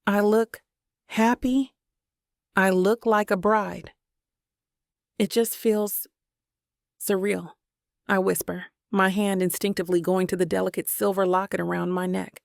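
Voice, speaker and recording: A woman narrating a romance audiobook in first person, measured and steady. Her voice has a gravelly fry and barely rises or falls. The sound is dry and close to the mic. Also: mid-range voice, no room sound.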